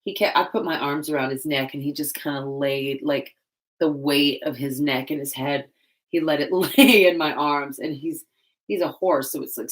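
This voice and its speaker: A woman vlogger chatting casually while painting, rambling and laughing often. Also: low-pitched.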